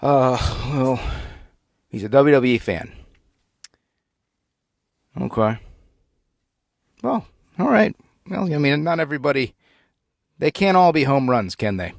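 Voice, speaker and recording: A man's voice: mid-range voice, very animated, slow pace, vocal fry, pauses often, no echo, studio quality. A man hosting his own radio show, talking sarcastically with stumbling restarts. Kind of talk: mocking radio monologue.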